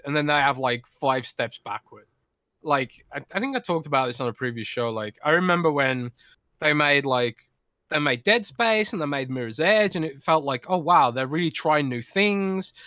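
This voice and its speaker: A young adult man co-hosting a casual podcast, chatty, with lots of filler words and quick asides. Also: mid-range voice, sharp tone, dry recording, studio quality. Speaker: podcast co-host. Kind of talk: casual chat.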